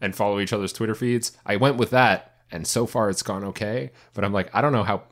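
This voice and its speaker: A man's voice: lowish voice, a little fast, fairly bright tone. A young man co-hosting a casual podcast chat, telling stories with lots of fillers and restarts. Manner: rambling storyteller, many fillers and self-interruptions. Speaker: podcast co-host.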